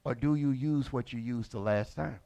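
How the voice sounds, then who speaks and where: A man preaching a sermon as lead pastor, colloquial and animated. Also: medium pitch, moderate pace, creaky. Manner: animated, colloquial, acts out characters.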